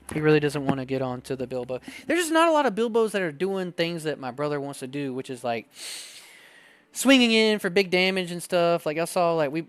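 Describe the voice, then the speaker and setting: A man hosting a casual card-opening video, chatting excitably and reading card text aloud. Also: high voice, clean tone, no echo. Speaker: card-opening channel host. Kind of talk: casual unboxing chat.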